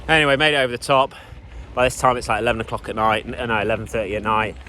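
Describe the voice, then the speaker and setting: A male bikepacking racer vlogs while riding a trail, giving a casual spoken recap in a chatty, rambling way with self-deprecating asides. His voice is medium in pitch and sharp in tone, with fairly even intonation and a very fast pace. Faint outdoor noise sits behind him.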